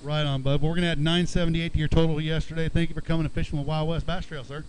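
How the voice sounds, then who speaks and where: A man's voice: on the high side, little pitch movement, racing, slight background noise, poor audio. A man emceeing an outdoor fishing weigh-in, announcing weights and chatting chummily with each angler. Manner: upbeat, chummy, calls anglers bud. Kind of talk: live announcing with banter.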